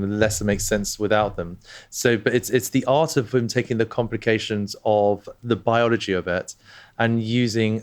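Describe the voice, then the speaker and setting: A man, a brand co-founder talking as a guest, enthusiastic and rambling with many restarts. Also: lowish voice. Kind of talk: casual conversation.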